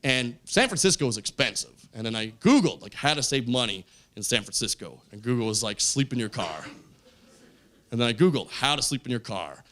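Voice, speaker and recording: Animated man doing stand-up. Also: medium pitch, fairly quick. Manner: animated, voices quoted friends, yells punchlines. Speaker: stand-up comedian. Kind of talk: stand-up storytelling. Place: comedy club stage. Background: audience laughter.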